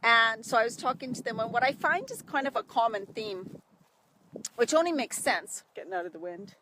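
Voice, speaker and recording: A middle-aged health coach for women over 40 talks casually in a live video outdoors beside a stream. Her slightly high voice is animated and sharp at a moderate pace, with a faint hiss or hum, as she acts out anxious inner voices.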